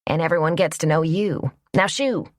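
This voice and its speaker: Playful small-town diner boss, brisk and low-voiced, a woman reading her lines; dry close audio. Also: dry recording, natural voice.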